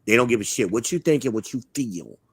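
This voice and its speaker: A man's voice: mid-range voice, expressive, fairly quick, breathy edge, dry recording. A man from Charlotte hosting a live online talk show, talking in a blunt, profane, swaggering, opinionated way. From Charlotte, United States. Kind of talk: casual opinionated chat.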